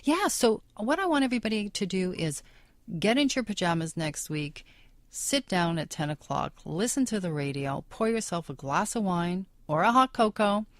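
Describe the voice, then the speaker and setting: A woman's voice: medium pitch, animated, moderate pace, no room sound. A woman hosting a radio show in a studio, chatting in an upbeat, promotional way. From Canada. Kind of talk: casual radio chat.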